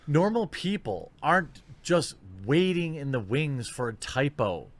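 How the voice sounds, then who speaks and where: A man's voice: a little high, sing-song, unhurried, dry recording. A man speaking an earnest, preachy video monologue, played from a recording. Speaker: video commentator.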